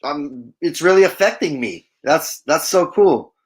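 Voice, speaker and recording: A man co-hosts a casual video-call webinar. His voice sits a little high, and he answers with eager, quick affirmations. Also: expressive. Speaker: co-host. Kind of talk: casual chat.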